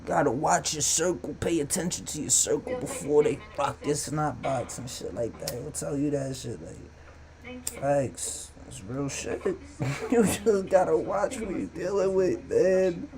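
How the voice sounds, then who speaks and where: There's crowd noise behind a man whose voice is a little high and whose pace is measured. Hosting a live stream, he delivers casual, profane, animated commentary on relationships and social media.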